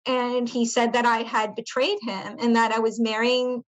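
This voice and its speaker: Fairly high-voiced woman recounting her past. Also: flat delivery, moderate pace, poor audio. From United States. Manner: earnest, searching, many fillers and restarts. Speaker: podcast guest. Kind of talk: personal storytelling in an interview.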